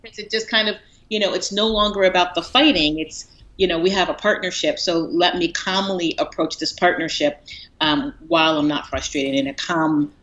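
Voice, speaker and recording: A woman's voice: on the low side, normal speed, a bit bright. A woman coach, a guest on a talk show, speaking chattily with frequent fillers and easy laughs. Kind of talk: casual interview chat. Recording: dull lo-fi line.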